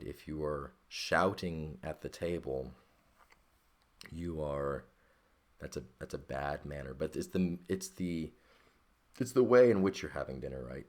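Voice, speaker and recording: A man's voice: a bass voice, a little mellow. A man teaching a Greek grammar lesson, working patiently step by step and often checking in with "okay?".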